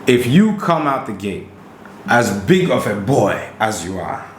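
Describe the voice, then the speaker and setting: A man co-hosting a podcast in casual chat, animated and emphatic, often checking in with "right?". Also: medium pitch, measured pace, a little hiss or hum. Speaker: podcast co-host. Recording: roomy recording.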